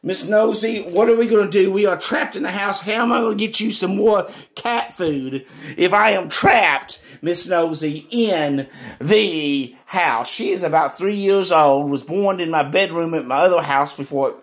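A middle-aged man, hosting his homemade vlog with loud, excited greetings and rambling chatter. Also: high-pitched, measured pace. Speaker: vlogger, channel host.

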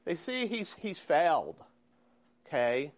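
A man lecturing a university history class, animated and questioning his students. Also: fairly high pitch, takes it slowly. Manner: animated, asks students questions, frequent "okay?". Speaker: history professor.

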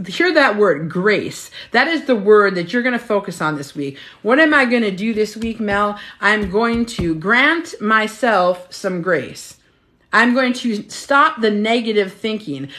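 A woman's voice: mid-range voice, fairly bright tone. A middle-aged woman coaching live on a stream, emphatic and chatty, repeating her points and swearing freely. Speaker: health and weight-loss coach. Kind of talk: motivational live stream talk.

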